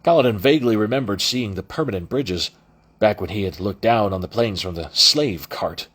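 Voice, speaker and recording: A man narrating an audiobook in a low, husky voice. His delivery is lively and animated, with frequent restarts and self-corrections. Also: normal speed. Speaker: audiobook reader.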